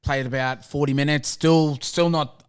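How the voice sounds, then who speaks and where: A man's voice: on the high side, moderate pace, clean tone. Laid-back Australian man telling a footy story. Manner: animated, laughing, acts out quoted dialogue. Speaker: podcast guest, rugby league player. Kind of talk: casual storytelling chat.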